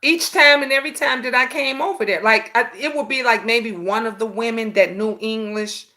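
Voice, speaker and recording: A woman's voice: a little high, moderate pace. A woman in her fifties hosting a casual live-stream chat, telling stories animatedly and calling listeners "honey.". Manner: animated storytelling, sassy, says "honey" often. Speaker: host.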